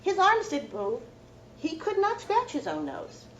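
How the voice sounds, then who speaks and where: A woman's voice: extremely high pitch, wildly swooping pitch, unhurried, muffled recording, slight background noise. A middle-aged woman, a law professor, giving a heartfelt, reflective personal lecture to students.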